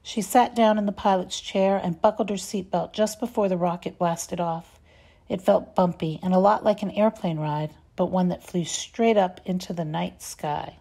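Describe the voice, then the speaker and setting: A woman reading a children's story aloud, expressive and measured. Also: lowish voice, creaky. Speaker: reader.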